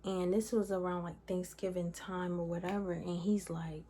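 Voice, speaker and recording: A woman's voice: fairly low pitch, steady tone, moderate pace, dark tone, a little hiss or hum. A young woman telling a personal story in a casual, candid way, rambling with lots of "like" fillers. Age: young adult. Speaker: vlogger.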